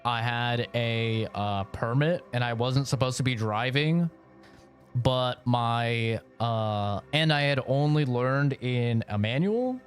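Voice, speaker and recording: A man's voice: mid-range voice, takes it slowly, soft background music. Rambling young streamer guy. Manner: rambling, laughing, slangy with lots of fillers. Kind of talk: casual storytelling while streaming.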